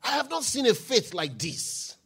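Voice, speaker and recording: A man preaching a sermon, reading scripture aloud and building to shouted declarations. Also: very high voice, sing-song, normal speed, slightly rough. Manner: Bible reading with call-and-response, rising to shouted declarations.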